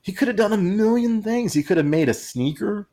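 A man's voice: high voice, animated, a little fast, warm tone. A man co-hosting a podcast in casual, joking chat, rambling and acting out quotes in silly voices. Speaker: podcast co-host.

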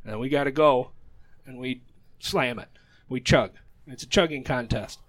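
A man's voice: medium pitch, normal speed, fairly bright tone, dry recording. Breathless, heavy-breathing man at a close mic. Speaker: podcast host. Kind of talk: casual chat. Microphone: close podcast mic.

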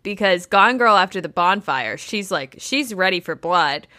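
A woman's voice: fairly low pitch, animated, normal speed, pushed and bright, no echo, clean studio sound. A woman co-hosting a podcast, chatting bluntly and casually, with plenty of swearing. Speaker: podcast co-host. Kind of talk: casual recap chat.

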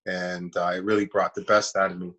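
A man's voice: deep voice, flat delivery, brisk, a bit bright, lo-fi sound. A man, an actor, casually telling a long personal story in an interview and acting out the voices of people he quotes. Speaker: actor guest.

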